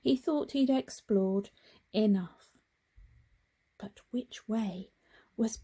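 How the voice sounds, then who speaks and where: A woman reading a picture book aloud to children in a very expressive way, with gasps and hushed whispers. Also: medium pitch, drawn-out words, pauses often, breathy edge. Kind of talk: children's storybook read-aloud.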